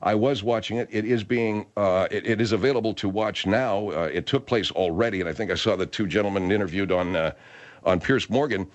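A man's voice: on the low side, brisk. A man hosting a radio talk show, rambling and hesitant as he chats. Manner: rambling, hesitant, lots of restarts.

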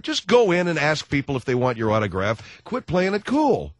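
A brash, jokey radio host delivers a casual talk radio monologue on a studio microphone, acting out little scenes and doing voices. His voice is on the high side, at normal speed, with no echo.

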